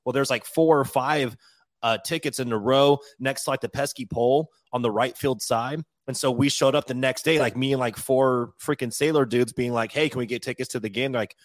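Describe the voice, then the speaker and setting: A man's voice: medium pitch, steady tone, normal speed, no echo. Joking man on a podcast. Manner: joking, loose, profane. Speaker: podcast host. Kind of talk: casual podcast chat.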